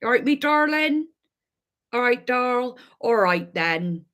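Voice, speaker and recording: A woman's voice: on the high side, lively intonation, slow pace, a bit bright. A young woman doing a cheery local gal with a thick Devon accent, jokey, overdone, broad vowels, lilting.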